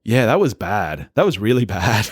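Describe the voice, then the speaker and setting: An Australian man co-hosting a film podcast, chatty and quick to laugh in casual banter. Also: fairly low pitch, husky, dry recording, clean studio sound. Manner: chatty, laughs often, animated. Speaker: podcast co-host. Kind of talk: casual film-review chat.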